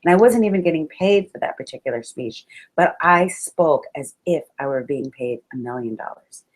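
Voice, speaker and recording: A woman motivational speaker in a webinar, talking to her listeners like friends. Her voice sits a little low, and her delivery is animated and expressive, with sudden exclamations. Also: moderate pace. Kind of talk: webinar talk on public speaking.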